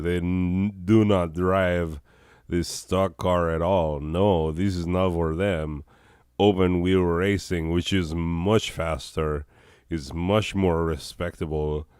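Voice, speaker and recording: A hoarse, sick man hosting a comedy show, rambling in a deadpan way with chuckles and coughs. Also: deep voice, dry recording, clean studio sound.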